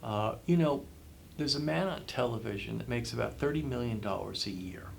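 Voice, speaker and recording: A man's voice: mid-range voice, expressive, normal speed, vocal fry, slight background noise. A man being interviewed as a guest author, giving advice in an emphatic way and repeating phrases for effect. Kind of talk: interview answers, motivational advice.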